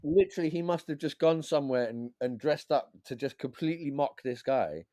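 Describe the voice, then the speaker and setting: A man, a DJ and beat maker who is a guest on a podcast, telling stories in a lively, swearing, casual way and acting out what others said. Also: fairly high pitch, a little fast, no room sound, studio quality. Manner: animated, swears freely, acts out quotes. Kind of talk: casual storytelling chat.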